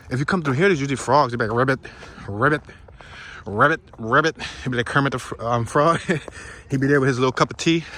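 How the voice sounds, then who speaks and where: A man casually narrating his hike on a wooded marsh trail outdoors, playful and excitable, whooping and laughing as he walks. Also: mid-range voice, a little hiss or hum. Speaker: vlogger narrating a hiking walk. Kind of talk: casual walk-and-talk narration.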